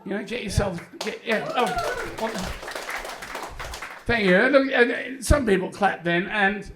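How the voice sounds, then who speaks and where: An Australian man in his fifties works a comedy club crowd, rambling and self-mocking, dropping crude asides between fillers. His voice sits a little high for a man, and a faint hiss runs under it. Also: moderate pace. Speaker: stand-up comedian. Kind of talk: live stand-up routine. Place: comedy club stage, audience laughing.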